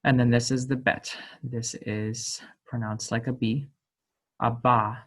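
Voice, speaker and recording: Male teacher, mid-pitched, very slow and halting, lots of ums, careful demonstrations of sounds. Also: level tone. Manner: slow, hesitant, many ums and self-corrections; voices sample sounds with emphasis. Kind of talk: unscripted language lesson.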